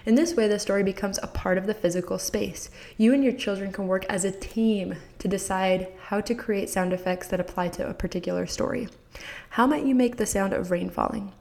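A woman's voice: mid-range voice, darkish tone. A woman hosting a podcast who gives parents enthusiastic, encouraging advice and speaks straight to the listener. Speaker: podcast host.

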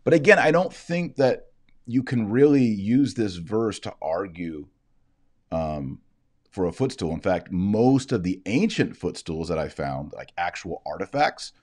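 Man, very low voice, Bible teacher, casual online lecture, rhetorical questions, seated at a desk. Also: a little mellow. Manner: conversational, poses rhetorical questions and answers them. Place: indoors, seated at a desk with a shared screen.

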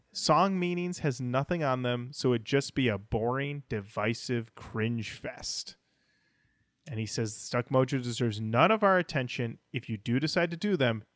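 A man's voice: mid-range voice, fairly bright tone, dry recording, clean studio sound. A man co-hosting a music podcast, reading listener comments aloud in a wry, casual way. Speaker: podcast co-host.

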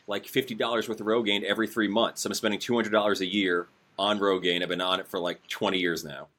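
A man's voice: on the low side, flat delivery, quick pace, a bit bright. A man in his forties hosting a podcast, chatting casually with jokey, self-deprecating banter. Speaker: podcast host.

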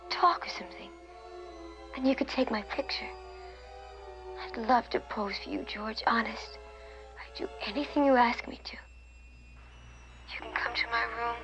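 Young woman, breathy pleading half-whisper, high voice, loud film music behind. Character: young woman coaxing an older man.

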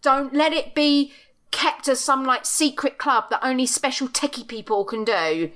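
A middle-aged woman co-hosts a podcast over a video call, her voice bright and pitched a little high. She rants with blunt, emphatic force and swears freely, in a casual chat style. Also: moderate pace. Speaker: podcast co-host. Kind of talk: passionate casual rant.

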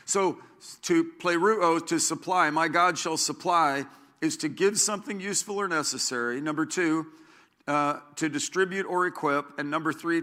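A man preaching a sermon, emphatic, repeating key phrases slowly for note takers. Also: fairly high pitch, sharp tone.

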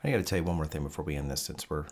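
A man co-hosting a podcast in casual chat. He talks in an excitable, profane way and builds into rants. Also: a bass voice, very fast. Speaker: podcast co-host.

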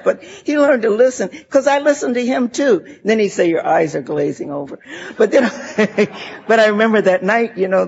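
A woman's voice: medium pitch, gravelly, darkish tone, highs cut off. An older woman giving a heartfelt, laughing personal share at a recovery meeting, full of "you know" asides.

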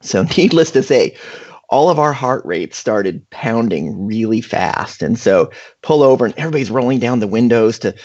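A man telling a casual anecdote in a chatty, animated way, full of fillers. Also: medium pitch, normal speed, dull audio. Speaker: guest storyteller.

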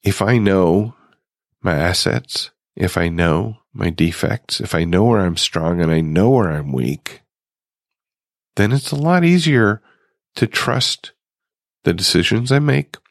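Slow and creaky, this middle-aged man's low, expressive voice carries a reflective solo monologue on his recovery podcast, where he muses conversationally and asks listeners direct questions. There's no room sound, just clean studio audio.

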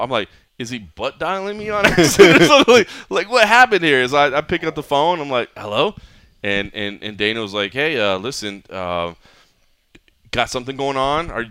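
A man hosting a casual podcast, telling animated stories and acting out what others said. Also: fairly low pitch, smooth, no room sound. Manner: animated storyteller, acts out others' lines. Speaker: podcast host.

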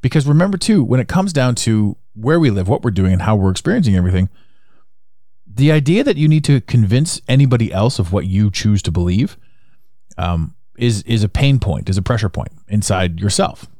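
Lively low-voiced Canadian man rambling. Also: fairly quick, no room sound, studio quality. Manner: rambling and repetitive, circling back on points. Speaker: podcast host. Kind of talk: solo podcast monologue.

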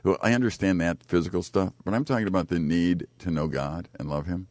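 A man's voice: deep voice, brisk, a little mellow, no echo. An American man co-hosting a faith-based radio talk show, chatty and joking, then earnest when he preaches to listeners. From United States. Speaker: radio co-host. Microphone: studio microphone.

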